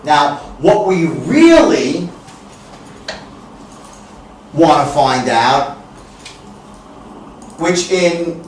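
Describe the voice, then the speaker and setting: A man running a live sales training, blunt and profane, who breaks into loud, exaggerated demonstrations of tone. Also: fairly high pitch, slight background noise. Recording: very echoey room, speaker far from mic.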